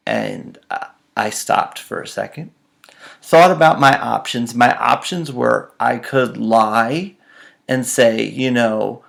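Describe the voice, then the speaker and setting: A man's voice: mid-range voice, takes it slowly, gravelly, a bit bright. A man telling self-mocking personal stories in a casual, dramatic way. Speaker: storyteller.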